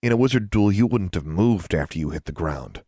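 A man's voice: low-pitched, expressive, fairly quick, mellow, no room sound, clean studio sound. A man voicing a smug, condescending teenage boy wizard.

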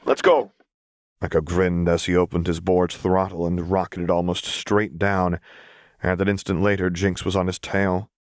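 A man reading a fan-fiction story aloud as narrator, with steady storytelling. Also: low-pitched, normal speed, dry recording, studio quality. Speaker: audiobook narrator. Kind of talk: scripted narration.

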